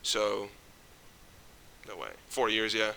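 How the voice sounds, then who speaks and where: A man's voice: lowish voice, steady tone, takes it slowly, creaky, pushed and bright. A young man ranting casually to camera, jittery and stumbling over his words, swearing often. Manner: swears often, rambling restarts. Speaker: vlogger.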